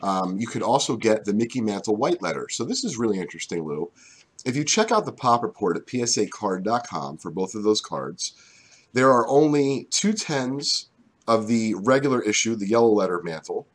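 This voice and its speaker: A man coming down with a cold, his voice gone deep, chatting casually on a live stream as a co-host. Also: animated, moderate pace. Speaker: card break co-host.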